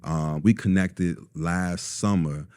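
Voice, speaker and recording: Man, low warm voice, relaxed storytelling guest. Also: slow, clean tone, dry recording, clean studio sound. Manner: relaxed storyteller, many ums, acts out quotes. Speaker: store owner, guest. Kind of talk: casual interview talk.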